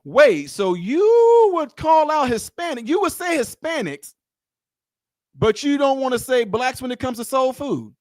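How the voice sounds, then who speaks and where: A man doing reaction commentary on a video, teasing and animated, repeating his lines for effect. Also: extremely high pitch, measured pace, no echo, studio quality.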